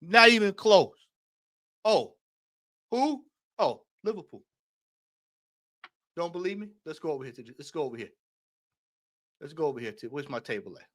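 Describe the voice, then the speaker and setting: Animated man hosting a late-night fan stream. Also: fairly high pitch, moderate pace, long pauses, no room sound, clean studio sound. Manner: animated, reads aloud and talks to the chat. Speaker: fan channel host. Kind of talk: casual late-night livestream chat.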